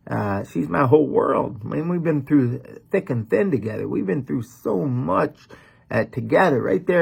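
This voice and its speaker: Gravelly-voiced pastor preaching casually. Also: male voice, medium pitch. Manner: folksy, conversational preaching with many fillers. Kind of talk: sermon.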